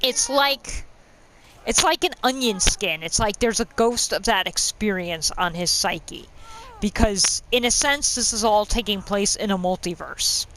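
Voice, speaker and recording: This is a woman in the middle of a game playthrough, chatting and musing aloud in an animated voice that jumps up and down in pitch. She laughs often and wanders from thought to thought. A faint hum sits underneath her voice. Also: unhurried, low-quality recording. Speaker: gaming channel host. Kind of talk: let's-play commentary.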